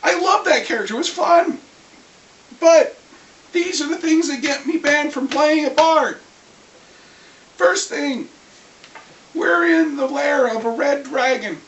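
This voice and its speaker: A vlogger getting over a cold, clearing the throat, telling a rambling, lively story about a tabletop game in a casual rant. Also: high-pitched, takes it slowly, long pauses. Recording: echoey room, far from mic, faint hiss.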